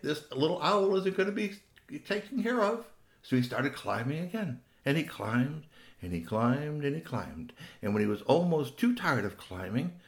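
A man telling a children's story in a playful, animated way, with shrill owl hoots and little asides.

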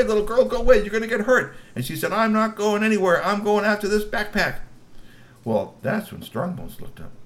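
A man telling a child a bedtime story in an expressive, animated way. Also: medium pitch, a little hiss or hum. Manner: animated, expressive, acts out characters.

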